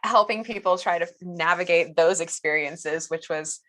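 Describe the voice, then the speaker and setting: A woman host in casual chat with a bright, crisp voice. She is friendly and chatty and laughs easily. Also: lowish voice, moderate pace. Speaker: podcast host.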